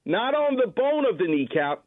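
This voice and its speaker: A man's voice: sits high, very animated, moderate pace. Confident doctor man on a tinny phone line. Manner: confident, precise, instructive. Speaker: doctor guest on call-in. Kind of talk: explaining medical advice.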